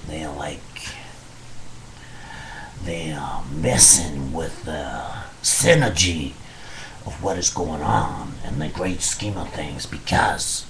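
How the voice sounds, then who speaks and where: A man doing a hot-tempered middle-aged mobster who talks like a tough guy, slow and deep, swearing and rambling through a comic webcam monologue. His voice sits very low and he takes his time with every line. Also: a bit bright, slight background noise, full character voice. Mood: blustering.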